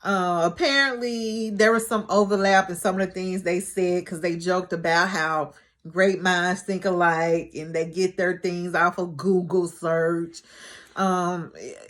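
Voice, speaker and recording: A woman vlogger recapping a TV episode in casual chat, chatty and animated with joking asides. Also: fairly low pitch, unhurried.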